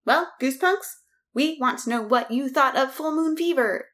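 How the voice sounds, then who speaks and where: A woman's voice: sits high, normal speed, a bit bright. A woman co-hosting a podcast in casual chat, chatty and hedging as she talks. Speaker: podcast co-host.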